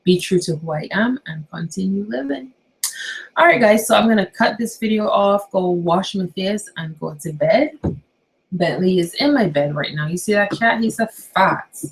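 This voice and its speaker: A young woman vlogging casually from her bedroom at night, chatty and animated, firing rhetorical questions at her viewers. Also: mid-range voice, rough recording. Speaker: YouTuber. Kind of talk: casual vlog talk to viewers.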